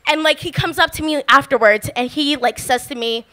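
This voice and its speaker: Bright, high-voiced young woman storyteller. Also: fairly quick. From Philadelphia. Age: young adult. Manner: chatty, full of "like" fillers, laughs often. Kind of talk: live comedic storytelling. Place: live story slam at a bar venue.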